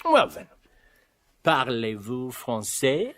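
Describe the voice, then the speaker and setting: A man's voice: medium pitch, huge pitch swings, takes it slowly. An actor playing a pompous, domineering male household tyrant in a radio drama, sanctimonious and theatrical. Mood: grandiose. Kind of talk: 1980s radio drama acting.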